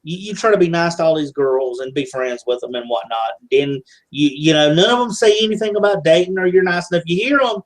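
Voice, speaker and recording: A man's voice: a little high, expressive, fairly quick, hardly any pauses, rough recording. A man chatting casually, reflective and loose, with lots of fillers. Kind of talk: casual chat.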